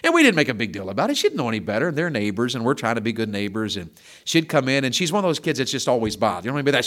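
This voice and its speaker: A middle-aged man delivers a conversational sermon full of stories, moving from hushed asides to loud, emphatic build-ups and often repeating words. His voice sits in the mid-range, and he speaks with great animation at a very fast clip.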